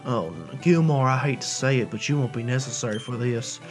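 A man playing a cocky young game rival who taunts in a lowered, drawling voice. He sounds smug and unhurried, with faint music behind him. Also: lightly acted.

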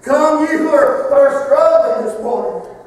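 A man preaching in a church, voicing a gentle, tender figure who softly pleads with the weary to come. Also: very high voice, measured pace, a little hiss or hum. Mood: tender pleading. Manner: soft, pleading, repeating invitations. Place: church sanctuary. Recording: echoey church hall from far off.

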